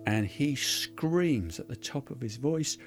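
A man's voice: mid-range voice, animated, slow pace, soft background music. A man telling a folk tale in an earnest, conversational way with folksy asides. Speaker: storyteller. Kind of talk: oral storytelling.

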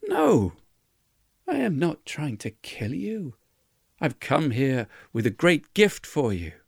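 A man voicing a calm, unruffled female angel who speaks in a measured, solemn way. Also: a little high, creaky, breathy edge, no echo, studio quality, full character voice. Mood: serene.

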